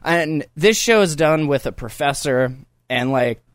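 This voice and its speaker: A man's voice: fairly high pitch, expressive, a little slow, no room sound, clean studio sound. A man hosting a podcast in casual chat, rambling, laughing and swearing as he talks. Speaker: podcast host. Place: home studio.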